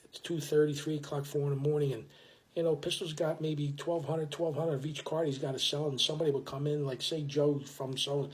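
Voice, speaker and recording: A man's voice: fairly high pitch, little pitch movement, fairly quick. An older man telling a story in a casual, rambling way, full of restarts and blunt street talk. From South Philadelphia.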